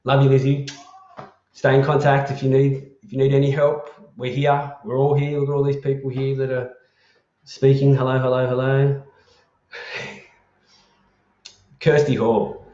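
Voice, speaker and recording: An Australian man hosting a casual live chat, rambling and affectionate as he repeats himself through shout-outs to viewers. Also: medium pitch, completely flat delivery, normal speed. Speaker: host of an online community live chat. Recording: roomy and dull lo-fi sound.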